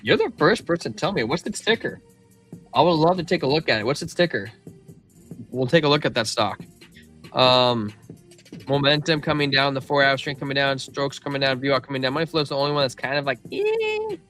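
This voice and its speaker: With faint background music, this crypto livestream host breaks down price charts and responds to viewers' chat in a relaxed, slangy way. His mid-range voice moves fairly quickly and has a fairly bright tone.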